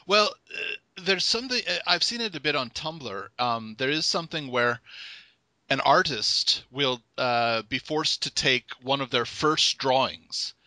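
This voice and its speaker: An easygoing man hosting a podcast interview over a call, chuckling and acting out little scenes. His tone is very bright and tense, and the recording is dry and close, with no room sound. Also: mid-range voice, animated, measured pace, dry recording.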